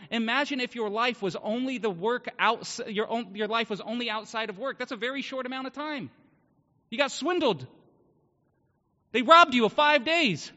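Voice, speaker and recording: Male pastor, very high and bright voice, earnest emphatic sermon, muffled recording in a reverberant church hall. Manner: earnest, emphatic preaching with rhetorical questions.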